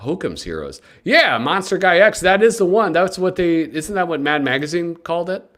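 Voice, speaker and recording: A man's voice: high-pitched, moderate pace. A man hosting a casual live stream, chatting with viewers and joking as he reads a comic magazine aloud. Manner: animated and joking, with sudden excited yelps; talks to chat viewers.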